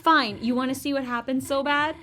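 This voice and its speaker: A woman's voice: high voice, steady tone, a little fast, faint music behind. Chatty, rambling woman gaming host. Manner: rambling, chatty, with frequent fillers and laughs; swings between loud outbursts and quiet muttering. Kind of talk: casual let's play commentary.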